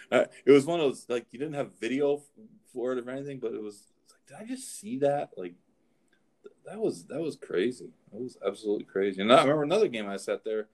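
A man's voice: medium pitch, a little mellow. A middle-aged man, a show host and horse trainer, telling rambling anecdotes in casual chat. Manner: rambling anecdotes, frequent restarts.

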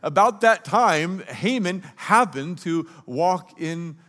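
A man's voice: high voice, lively intonation, slow pace, sharp tone. A male pastor preaching a sermon, telling the story and acting out the characters' lines. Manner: storytelling, acts out dialogue of the characters.

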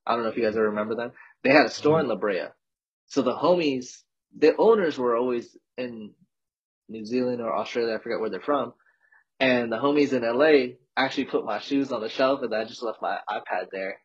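A man's voice: medium pitch, fairly quick, breathy edge. A man in his thirties from California, a podcast guest telling his story in a loose, slangy way full of "like". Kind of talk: casual storytelling chat. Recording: dull lo-fi recording.

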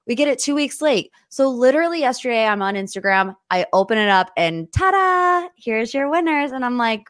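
A woman in her late twenties from the United States, hosting a podcast in casual chat, chatty and gushing, with quick asides. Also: a little high, animated, a bit bright, no room sound, studio quality. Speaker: podcast host. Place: studio office.

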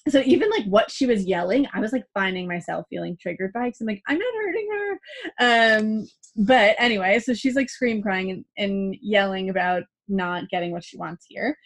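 A woman's voice: medium pitch, brisk, hardly any pauses. A young adult woman hosting a parenting show, chatting casually, acting out quoted dialogue and using "like" a lot. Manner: chatty, acts out quoted dialogue, many "like" fillers. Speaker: parenting podcast host. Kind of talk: casual advice chat.

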